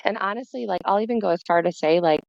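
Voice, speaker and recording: A woman guest in a casual podcast chat, telling stories with lively asides. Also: mid-range voice, fast talker, creaky, no echo. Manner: chatty storyteller, lively asides. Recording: dull, dry lo-fi sound.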